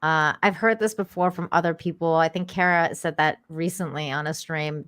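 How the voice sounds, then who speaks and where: A woman's voice: low-pitched, fairly even intonation, moderate pace, fairly bright tone, clear, resonant tone, no room sound, studio quality. A woman from Canada, a guest on a talk stream, chatting casually and rambling with many restarts. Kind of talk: casual chat.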